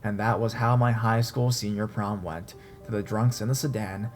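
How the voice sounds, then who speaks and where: A man reading a first-person horror story aloud in a steady storytelling voice. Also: fairly low pitch, moderate pace. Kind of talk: scripted horror story narration. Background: faint dark background music.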